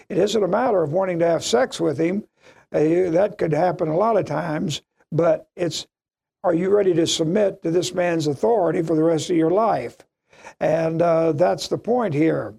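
Guy preaching bible study, higher voice with a gravelly edge, slow and emphatic. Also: mellow. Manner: slow and emphatic, repeating key phrases. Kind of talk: verse-by-verse Bible teaching.

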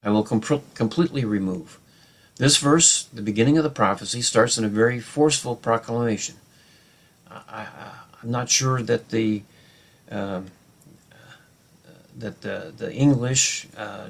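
Guy teaching bible study, kinda low voice, lots of uh and um and restarts. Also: creaky, husky. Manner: unscripted, halting with many fillers and restarts.

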